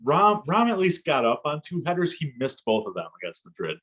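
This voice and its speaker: A man co-hosting a casual football podcast, talking in an animated, excitable way and laughing often. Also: a little high, brisk, husky, lo-fi sound. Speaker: podcast co-host.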